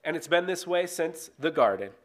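A man's voice: a little high, animated, normal speed. A man preaching a sermon in a conversational way, reading scripture and then explaining it, often checking in with "right?". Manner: conversational, frequent "right?" tag questions.

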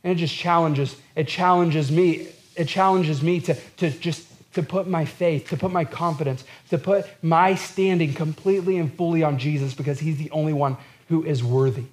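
A pastor delivers his sermon in a fairly high voice. He is earnest and repeats phrases to build his point. He acts out the words of the people in the text. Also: steady tone, normal speed. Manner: earnest, repetitive preaching with acted-out quotes.

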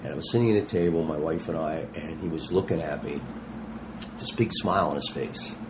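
A man in his sixties, a touring rock musician, telling stories in a casual interview and acting out the quotes in a slangy, animated way. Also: very deep voice, brisk, noisy background. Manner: animated, slangy storyteller who acts out quotes.

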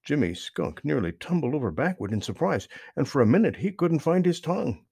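A man narrating a children's book aloud, with expressive storytelling and lively emphasis. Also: on the high side, brisk, gravelly, husky, no room sound, studio quality.

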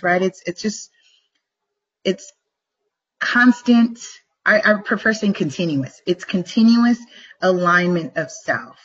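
A middle-aged woman hosting a live motivational vlog, talking emphatically and repeating herself, slowing down to drive her points home. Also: fairly low pitch, slightly rough, dull audio. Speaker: vlog host. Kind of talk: motivational live-stream talk.

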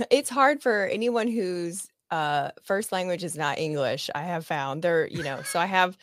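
A woman guesting on a podcast in casual chat, talking in a lively, chatty way and laughing often. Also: low-pitched, no room sound, clean studio sound.

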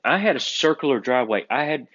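A quick-talking man with a mid-range voice tells stories in casual chat, acting out the voices of the people in them with lively animation. The lo-fi recording sounds dull.

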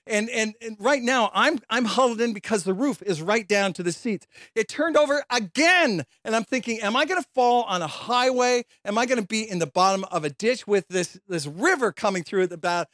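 A man preaching a sermon as a lively storyteller, acting out quoted voices and laughing as he tells a personal story. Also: high-pitched, moderate pace, few pauses, dry recording, studio quality. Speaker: pastor.

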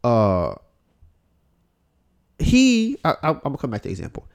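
A man of middle pitch hosting a relaxed podcast chat. He talks bluntly and swears freely. He keeps slipping into quick acted-out bits of what others said. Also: creaky, clean tone. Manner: blunt and profane, often acting out quotes. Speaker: podcast host.

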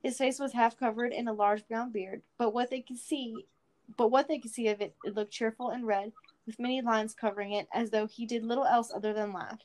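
Lady reading a fantasy story out loud, kinda high voice, expressive and unhurried. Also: poor audio. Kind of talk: storybook read-aloud narration.

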